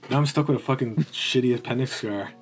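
A man's voice: medium pitch, fast, soft background music. A man in his thirties with an Irish accent from Galway, a podcast guest chatting casually and rambling, swearing freely. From Ireland. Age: 30s.

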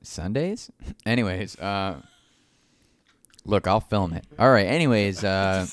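Laughing, swearing low-voiced man. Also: animated, takes it slowly. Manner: laughs often, swears freely, teasing. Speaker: podcast co-host. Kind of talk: crude casual banter.

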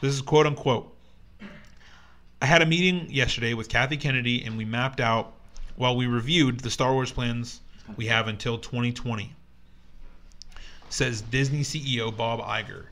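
A man's voice: mid-range voice, fairly bright tone. Rambling young man co-hosting a podcast. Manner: rambling with many fillers and restarts. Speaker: podcast co-host. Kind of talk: casual chat, reading news aloud.

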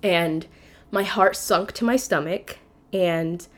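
A woman's voice: lowish voice, slow. A woman hosting a podcast, telling a personal story in a candid, conversational way with casual swearing. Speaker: podcast host.

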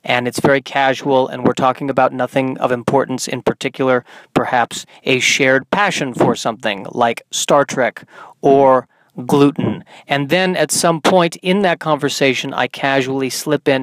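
A young man hosting his own podcast from inside a car, talking in a deadpan, self-mocking comedic monologue. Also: mid-range voice, normal speed, no echo, rough recording. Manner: deadpan, self-mocking, slips into silly put-on voices. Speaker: podcast host.

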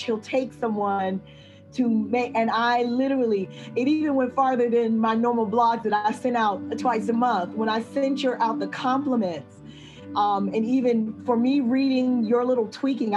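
A woman's voice: fairly high pitch, steady tone, a little mellow, dull audio, soft background music. A woman hospital chaplain giving a heartfelt, emphatic thank-you testimonial. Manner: emphatic, deliberate.

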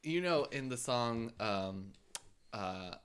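A co-host in casual chat, loud and crude, who breaks into cackling laughter. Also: medium pitch, expressive, takes it slowly, a little hiss or hum.

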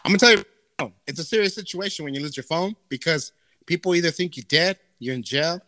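A man's voice: on the high side, brisk, bright, forceful tone. A man co-hosting a casual podcast, telling stories loosely with lots of swearing and laughter. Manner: profane, laughing storyteller. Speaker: podcast co-host.

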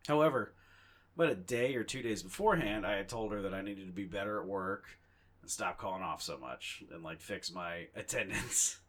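A man's voice: low-pitched, moderate pace, a bit bright. Swearing, rambling young man podcaster. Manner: profane, rambling, self-mocking storytelling. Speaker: podcast co-host. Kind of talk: casual podcast chat.

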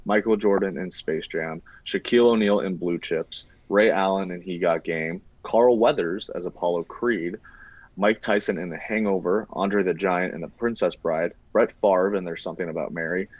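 Male podcast host, very deep voice, laid-back and jokey. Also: moderate pace, dry recording, highs cut off. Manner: laid-back, joking, swears. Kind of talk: casual chat.

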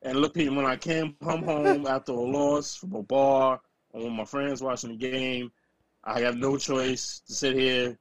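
A man co-hosting a casual sports podcast, ranting and self-mocking in animated bursts. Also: medium pitch, normal speed, no room sound. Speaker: podcast co-host.

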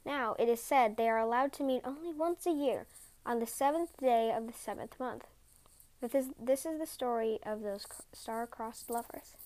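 A woman podcast host reading folk tales aloud in a gentle, measured way. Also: fairly high pitch. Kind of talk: storybook reading.

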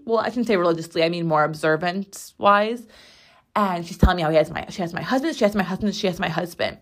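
A young woman hosting a weekly show, telling a story in a casual, animated and sarcastic way, full of rambling asides. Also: fairly low pitch. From United States. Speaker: podcast host.

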